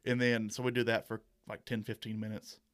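A man's voice: lowish voice, level tone, brisk, a bit bright. A young man, a university mascot performer, chatting as a guest in an easygoing, rambling way. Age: young adult. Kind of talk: casual interview chat.

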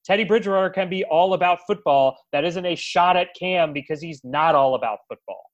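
A man's voice: sits high, fairly quick, lo-fi sound. Man ranting on a sports podcast. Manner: teasing, animated ranting. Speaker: podcast host. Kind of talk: casual sports chat.

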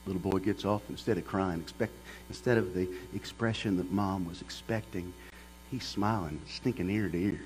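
A man's voice: low voice, moderate pace, darkish tone, slight background noise, poor audio. A middle-aged man, a pastor preaching a sermon as a folksy storyteller. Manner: folksy storyteller who builds to passionate preaching.

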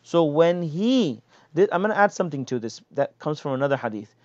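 A man giving a casual, animated religious lesson, explaining hadith and acting out everyday complaints. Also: on the high side, a little fast, dry recording. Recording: dull lo-fi sound.

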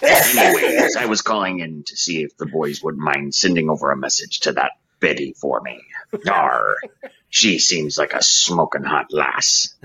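A gravelly leering pirate captain. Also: male voice, a bass voice, measured pace, pushed and bright, heavily acted, poor audio. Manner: growling pirate talk with arrs. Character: lusty old male pirate captain. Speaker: caller.

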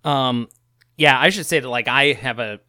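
A man co-hosting a podcast in casual chat, rambling and halting, often laughing. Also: medium pitch, sharp tone, dry recording, clean studio sound. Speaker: podcast co-host.

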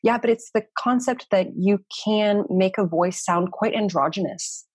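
A woman in her thirties, a researcher and community founder, talking quickly and animatedly in a casual interview, often saying "like" and "you know.". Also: medium pitch, darkish tone, breathy edge, dry recording, clean studio sound.

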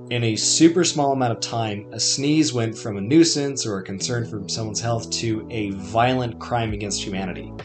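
A young man narrating his own podcast memoir in a wry, conversational way, with dry asides. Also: medium pitch. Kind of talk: scripted personal narration.

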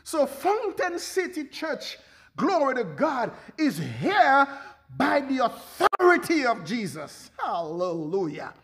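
Very high-voiced fervent male preacher. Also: wildly swooping pitch, slow, fairly bright tone. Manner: fervent, peppered with hallelujahs and laughter. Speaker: pastor. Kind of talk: sermon.

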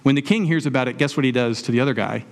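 A man's voice: medium pitch, very fast. A man preaching a sermon as a pastor, talking to the congregation in a conversational way, asking rhetorical questions and using everyday examples.

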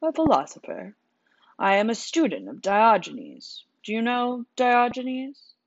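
A woman voicing a huge, wild village idiot who turns out to be a calm philosopher, speaking slowly and bluntly. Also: fairly high pitch, no echo, voice pushed up, exaggerated voice. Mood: calm, preaching. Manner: slow, simple, blunt speech. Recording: dull, dry sound.

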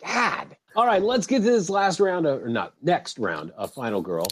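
A man co-hosting a casual comedy podcast, animated and self-mocking. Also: a little high, moderate pace, slight background noise. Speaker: podcast co-host.

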